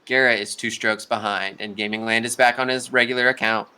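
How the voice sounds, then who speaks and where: Bright-voiced casual game commentator. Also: male voice, fairly low pitch, fairly even intonation, a little fast, smooth. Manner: casual, chatty, talks to players directly. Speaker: tournament commentator. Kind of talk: live play-by-play commentary.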